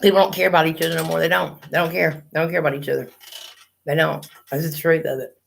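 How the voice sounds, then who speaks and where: Lady ranting on her livestream, cussing a lot, kinda low voice, middle-aged. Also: flat delivery, fast talker, vocal fry, slight background noise. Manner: blunt, profane storytelling. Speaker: livestream host. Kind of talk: casual chat.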